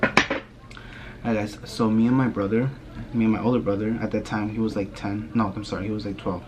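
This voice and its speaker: A young man vlogger telling a spooky story in a casual, rambling way, often dropping his voice low and filling with "like". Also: little pitch movement, normal speed, background noise. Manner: rambling, hushed telling with many "like" fillers.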